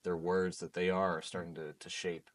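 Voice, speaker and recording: Deep-voiced podcast host guy, stumbles and repeats words while asking stuff. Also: little pitch movement. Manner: halting, repeats words while forming questions. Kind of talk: podcast interview questions.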